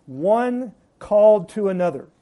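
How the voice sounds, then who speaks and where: High-voiced, mellow male preacher. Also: expressive, a little slow. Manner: preaching with rising emphasis and trailing drops at phrase ends. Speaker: pastor. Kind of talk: sermon.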